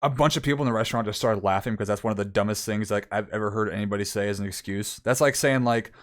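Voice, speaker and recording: A man's voice: on the low side, fast. A young man streamer telling a long story in casual chat, rambling with many fillers and acting out what people said.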